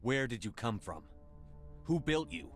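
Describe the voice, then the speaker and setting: A man's voice: mid-range voice, very animated, a little slow. A defiant soldier commander pushes back with firm, challenging questions. His voice sits mid-range, with game music faint behind him. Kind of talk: video game dialogue.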